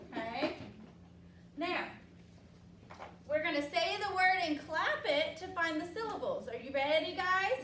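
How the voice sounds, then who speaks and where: A high-pitched woman teacher runs a phonics lesson in an upbeat, patient way, stretching words out slowly for the children. She sounds far from the microphone in an echoey classroom with a faint hiss behind her. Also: fairly bright tone.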